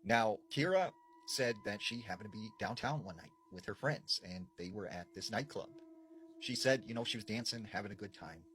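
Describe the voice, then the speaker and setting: Lively man telling a scary story. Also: on the low side, moderate pace, slight background noise, poor audio. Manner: animated, conversational with frequent fillers. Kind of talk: casual spoken scary storytelling.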